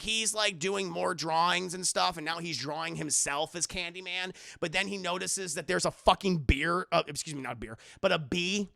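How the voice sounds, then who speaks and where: A man's voice: high voice, creaky, bright, forceful tone, no room sound. A man reviewing a film live for his chat in a casual, profane, rambling recap.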